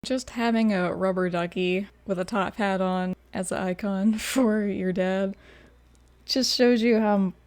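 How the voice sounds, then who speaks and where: A woman hosts a reaction video, chatting casually and laughing often. Her mid-range voice is a little mellow, with fairly even intonation and a measured pace.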